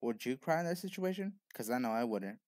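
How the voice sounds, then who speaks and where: A man's voice: medium pitch, expressive, brisk, a little mellow, no room sound. Blunt man lecturing the viewer. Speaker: video essayist. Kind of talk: opinionated commentary monologue.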